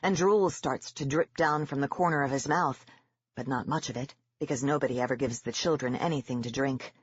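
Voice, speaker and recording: Husky audiobook narrator reading a horror story. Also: medium pitch, a little fast, no echo, dull audio.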